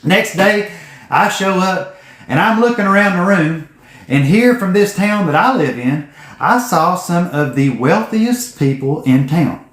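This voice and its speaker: A man's voice: high-pitched, lively intonation, measured pace, a bit bright. A man, telling a folksy, profane story to camera. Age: 40s. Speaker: vlogger telling his business story. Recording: echoey room.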